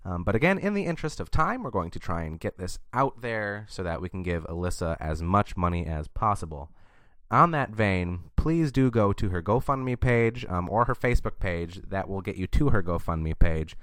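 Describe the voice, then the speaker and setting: Young male podcast co-host, fairly low voice, jokey. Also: animated, normal speed, a bit bright, dry recording, clean studio sound. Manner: joking, plugs the show. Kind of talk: casual podcast chat.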